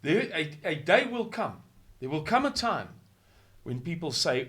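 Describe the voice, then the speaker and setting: Man from south africa ranting on camera, fairly high voice with lots of up and down, repeats himself for emphasis. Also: very animated, a little slow. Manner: impassioned, swinging from near-whisper to shouting; rhetorical, repeating words for emphasis. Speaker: commentator. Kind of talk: monologue video commentary.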